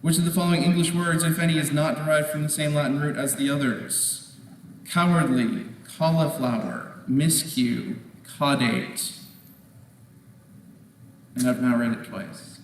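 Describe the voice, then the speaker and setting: A man moderating a quiz competition, reading questions aloud in a measured way, repeating them and ruling on each answer. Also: fairly high pitch, steady tone. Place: large indoor competition hall. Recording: echoey hall from far off, faint noise.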